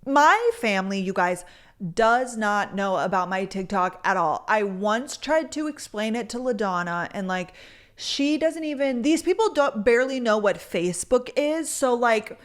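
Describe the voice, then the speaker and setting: A woman's voice: a little high, expressive, measured pace. A woman, chatting to camera and telling stories, full of "like"s and acted-out quotes. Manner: chatty, storytelling with many "like"s and quoted voices. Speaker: content creator. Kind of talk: casual chat to camera. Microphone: camera mic.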